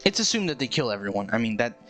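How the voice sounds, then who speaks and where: A man's voice: medium pitch, big pitch swings, racing, sharp tone, soft background music. A man giving a casual, comedic movie recap, rambling and jokey with lots of filler words.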